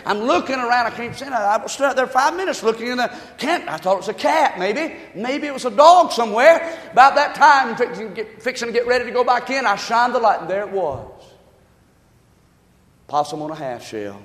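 Very high-voiced preacher in reverb. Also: male voice, animated, brisk. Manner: folksy storytelling with asides to the congregation; fervent, often shouting. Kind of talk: sermon. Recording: reverberant hall.

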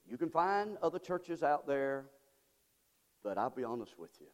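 A man preaching a sermon as pastor, moving from quiet, halting asides to loud, drawn-out exhortation. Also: medium pitch, big pitch swings, long reverb tail. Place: church sanctuary.

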